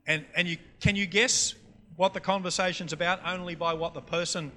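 A man's voice: sits high, steady tone, brisk, sharp tone. A man with a North Queensland Australian accent, preaching a teaching session and quizzing the audience with questions. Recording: long hall reverb, faint music.

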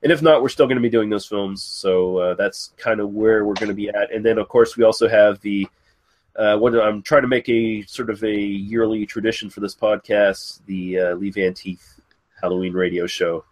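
A man hosts a casual film podcast, wrapping up an episode and plugging upcoming shows. His voice sits fairly low, and he talks in an easygoing way, peppering his sentences with "uh". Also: steady tone, moderate pace. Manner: easygoing, frequent uh fillers. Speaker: podcast host.

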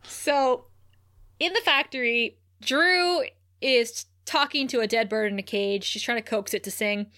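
A woman's voice: unhurried, pushed and bright. A young woman co-hosting a casual recap podcast, laughing often and acting out quotes. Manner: laughs often, acts out quotes with raised pitch. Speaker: podcast co-host.

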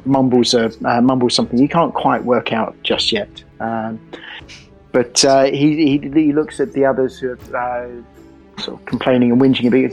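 A man playing a tabletop game, describing his character in a halting way with many pauses and fillers. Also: mid-range voice, steady tone, a little mellow, soft background music, low-quality recording. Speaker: player.

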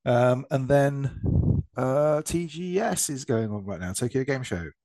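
A man from England co-hosting a casual gaming podcast, jokey and swearing freely. His pitch jumps around a lot as he talks. The sound is close and dry with no room echo. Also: lively intonation, unhurried, mellow. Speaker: podcast co-host. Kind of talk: casual banter. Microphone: remote call mic.

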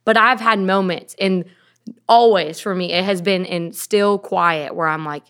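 A woman's voice: mid-range voice, steady tone, a little slow, a bit bright. Chatty young woman podcast co-host. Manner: chatty, laughs easily, many "like" fillers. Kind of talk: casual faith podcast chat.

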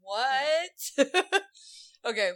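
A woman in her thirties chatting on a podcast, an animated storyteller who laughs through her punchlines. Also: high voice, extremely slow. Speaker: co-host telling family stories. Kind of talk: casual podcast chat.

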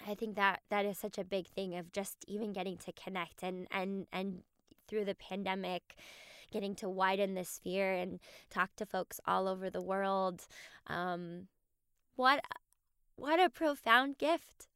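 A woman podcast host giving a heartfelt, emotional farewell to her listeners, halting with many restarts. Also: medium pitch, fairly even intonation, a bit bright, clean tone, no room sound, studio quality.

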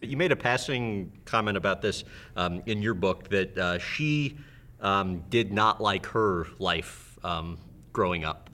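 Male host, low voice, relaxed questions with filler words. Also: measured pace. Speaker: interviewer. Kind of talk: casual interview questions.

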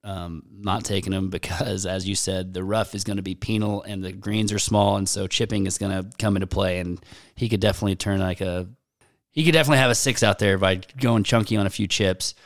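A man co-hosting a podcast in casual chat, ribbing others and tossing out jokes. His voice sits somewhat low, recorded dry with no room sound. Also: steady tone, fairly quick, no room sound. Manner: joking, mock-quotes players. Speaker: podcast co-host.

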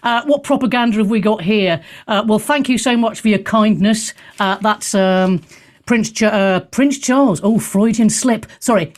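A woman hosting a talk show, chatting casually in an animated, sarcastic and theatrical way. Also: medium pitch. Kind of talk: casual opinionated chat.

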